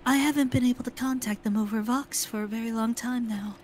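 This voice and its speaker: A woman's voice: on the high side, steady tone, fairly quick, darkish tone, slight background noise, close to an everyday voice. A woman voicing a pale, frightened young female shuttle pilot in a video game, speaking anxiously.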